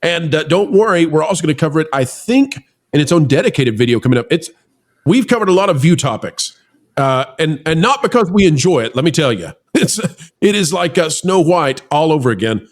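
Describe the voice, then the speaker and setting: A man hosts a casual news commentary chat with a fairly high voice. He talks in an animated way, teasing his co-hosts and exclaiming often. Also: fairly quick. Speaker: show host.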